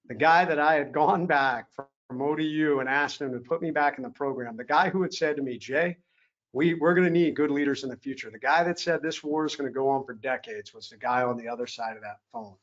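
A man's voice: a little high, brisk. A man giving a motivational talk at an evening event, telling a personal story in an earnest way and acting out what officers said to him. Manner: earnest, acts out quoted officers. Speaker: keynote speaker. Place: event hall. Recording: slightly dull lo-fi sound.

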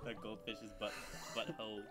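A young man casually chatting and joking while playing a co-op video game, swearing a lot and breaking into loud excited shouts. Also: lowish voice, moderate pace. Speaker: co-op gameplay commentator. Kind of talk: casual gaming chat. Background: game music.

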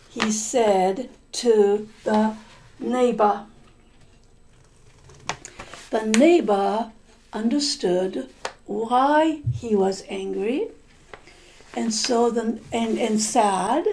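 A woman's voice: fairly high pitch, extremely slow, long pauses, mellow, a little hiss or hum. A woman language teacher retelling a story for learners. She stops to explain and repeat words and checks in with "okay?". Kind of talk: story-listening lesson, retelling a story.

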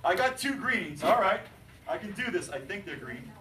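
A male chemistry teacher lecturing his class, animated and jokey, asking students questions. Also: high voice, moderate pace, a little hiss or hum. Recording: roomy, distant classroom recording.

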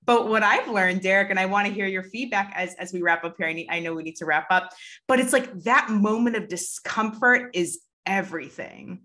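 A woman hosts the interview with a bright, crisp tone. She sounds enthusiastic and keeps restarting her thoughts as they come. Her pitch sits in the middle range. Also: brisk. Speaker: interview host. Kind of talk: conversational interview.

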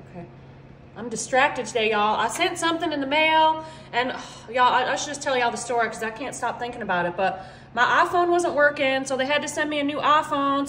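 Lady cooking vlog, high voice, rambly and chatty, echoey kitchen. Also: a bit bright, a little hiss or hum. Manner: chatty and rambling, keeps calling viewers "y'all". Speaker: home cooking vlogger. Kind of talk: casual cooking demonstration. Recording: echoey kitchen with faint ambience.

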